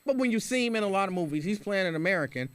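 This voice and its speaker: A middle-aged man hosts a talk radio show, reading listener comments aloud and giving his own opinions. He speaks casually and restarts sentences often. His voice sits a little high for a man, and the studio recording is dry and close. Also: animated, rapid-fire, fairly bright tone, smooth, dry recording. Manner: conversational, opinionated, with frequent restarts.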